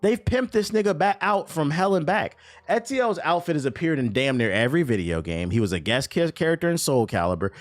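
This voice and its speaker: A man with a fairly high-pitched voice talks briskly with few pauses while streaming about gaming news. It's a casual reaction rant, animated and sarcastic, packed with swearing, jokes, and frequent laughs.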